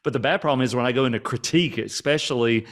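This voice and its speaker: Male podcast host, mid pitch, casual reflective interviewer. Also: rapid-fire, fairly bright tone. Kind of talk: interview questions.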